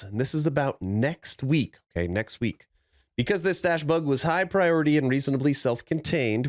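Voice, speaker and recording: A man hosting a gaming news video, sounding nasal from a cold, talking in an animated, emphatic way. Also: mid-range voice. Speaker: host.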